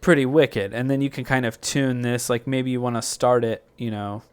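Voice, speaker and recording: A man hosting a music software tutorial, thinking aloud in a loose, rambling way with plenty of fillers and self-corrections. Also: mid-range voice, steady tone, normal speed, clear, resonant tone.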